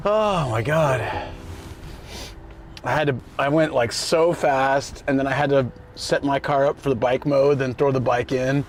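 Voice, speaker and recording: A man's voice: mid-range voice, little pitch movement, moderate pace, few pauses, slight background noise. A man chatting casually with his viewers during a live stream, reading their messages and answering them as he goes. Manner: chatty, talks to viewers and reads chat. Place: outdoors on a bike ride.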